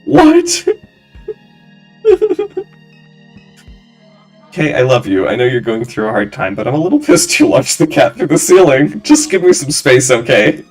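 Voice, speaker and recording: A man narrating his own playthrough of a narrative game, giggling between reactions. His pitch moves a lot. Soft game music hums underneath. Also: lively intonation, a little fast, hardly any pauses. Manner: giggly, reads on-screen text aloud between reactions. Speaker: game streamer. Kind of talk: casual game playthrough commentary.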